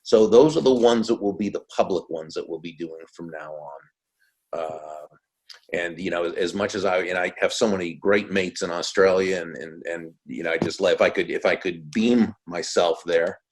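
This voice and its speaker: A man in his sixties talks as a guest author in an easygoing interview. His voice sits deep and low, and his phrases fade softly at the ends. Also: normal speed, slightly rough. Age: 60s. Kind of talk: casual interview talk.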